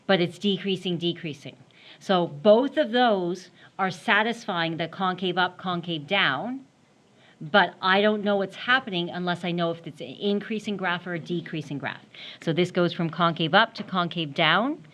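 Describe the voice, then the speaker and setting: A woman's voice: lowish voice, moderate pace, fairly bright tone. A woman math teacher giving a classroom lecture, explaining step by step while she draws and often checking in with "right?".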